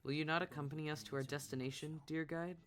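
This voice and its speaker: A courtly, curious knight speaks in old-fashioned, flowery turns of phrase, read aloud by a game streamer. The voice is bright and forward, pitched in a middle range. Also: steady tone, quick pace, lightly acted. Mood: courteous.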